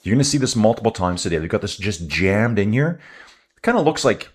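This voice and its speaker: Low-voiced male stream host, loose and opinionated, calls the viewers dudes. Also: sing-song, a little fast, slightly rough. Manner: chatty, ranting, addresses viewers as dudes. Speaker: live race commentator and channel host. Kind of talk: casual live-stream commentary.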